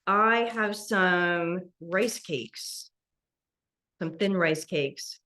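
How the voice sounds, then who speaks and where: Over a video call, a meditation instructor with a fairly low voice leads a mindful eating meditation at a slow, gentle pace. She guides her students step by step, laughing softly now and then.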